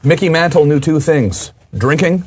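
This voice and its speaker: A man's voice: on the high side, normal speed, a little hiss or hum. A man appearing as a guest comedian, reading jokes and chuckling along in casual banter. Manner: laughs through jokes, agreeable.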